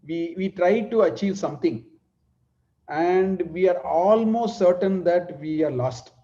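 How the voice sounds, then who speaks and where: A man's voice: high-pitched, dark tone. Man teaching scripture verses. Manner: unhurried, explains Sanskrit verses word by word with many restarts. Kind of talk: explanatory scripture class. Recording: dull lo-fi recording.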